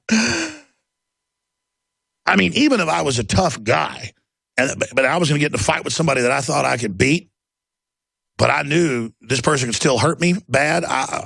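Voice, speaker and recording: Middle-aged male talk host, gravelly, ranting and mocking, dry sound. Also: mid-range voice, a bit bright, dry recording. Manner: ranting, mocking, sarcastic put-on voices. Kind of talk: ranting monologue.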